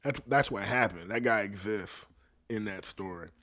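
A man's voice: lowish voice, normal speed. Rambling, profane male podcast host. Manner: rambling and profane, trails off quietly, frequent self-mocking laughs. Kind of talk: casual profane rant.

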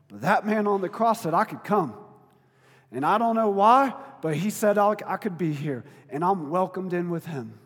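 A man preaching a sermon in a conversational, informal way, dropping to quiet reflection and then rising to loud, emphatic appeals. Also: high voice, animated, normal speed, big-room sound, faint music behind. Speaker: pastor.

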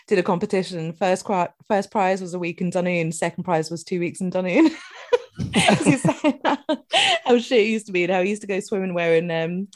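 A woman's voice: fairly low pitch, very animated, moderate pace. A woman chatting casually on a podcast, giggling often as she tells a story. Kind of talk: casual chat.

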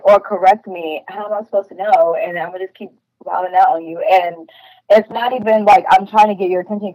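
A woman's voice: mid-range voice, dry recording, muffled recording. Blunt, chatty woman from New York. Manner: blunt, animated storyteller, frequent "like" fillers. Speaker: podcast guest. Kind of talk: casual chat.

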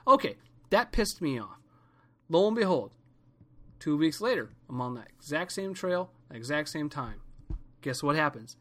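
A man hosting a podcast, telling a rambling, profane, animated story in a casual comedic rant. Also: a little high, normal speed, pauses often. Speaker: podcast host.

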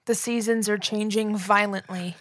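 A woman's voice: medium pitch, steady tone, moderate pace, no room sound, clean studio sound. A young woman co-hosting a casual podcast, telling a story about herself in a self-mocking, giggly way. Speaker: podcast co-host. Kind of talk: casual chat.

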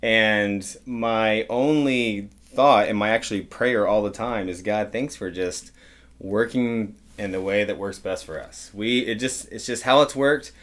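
A man's voice: on the low side, a little slow, a bit bright. A man co-hosting a church podcast, joking around in casual rambling banter. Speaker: co-pastor and podcast host.

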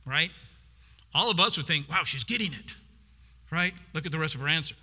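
A man's voice: on the high side, lively intonation, brisk, bright, forceful tone. A man preaching a sermon, retelling a scripture story and acting out its people. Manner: storytelling, acts out the woman's voice. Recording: long hall reverb.

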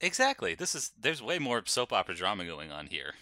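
A man's voice: fairly low pitch, wildly swooping pitch, fairly quick, pushed and bright, no echo, studio quality. A man co-hosting a casual podcast, joking and laughing often. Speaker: podcast co-host. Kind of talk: casual chat.

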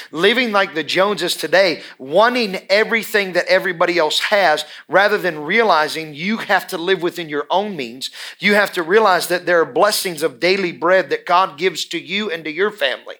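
A man with a high, bright voice delivers an emphatic sermon in church. He presses his points by repeating phrases over and over, preaching with conviction. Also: a little fast. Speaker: pastor.

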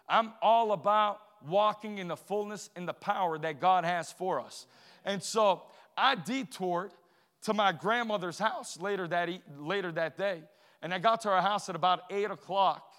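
A man's voice: high voice, fairly bright tone, big-room sound. A man from Portugal telling a personal testimony in a sermon, moving from easy storytelling to emphatic preaching.

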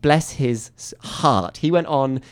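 A comedian telling animated anecdotes as a guest in a radio studio. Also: male voice, medium pitch, slow pace, clean tone. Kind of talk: storytelling on a radio chat show.

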